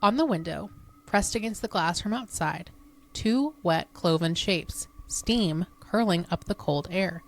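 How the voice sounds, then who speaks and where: Low-voiced woman telling hushed ghost stories. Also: measured pace. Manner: hushed, suspenseful storytelling. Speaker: podcast co-host. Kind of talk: reading spooky stories aloud.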